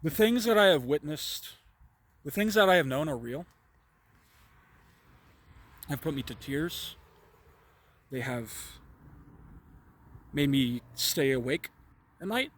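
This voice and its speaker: A man's voice: on the high side, lively intonation, slow pace, long pauses. A man telling a personal story in an improvised monologue, rambling and profane with stammered restarts. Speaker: vlogger.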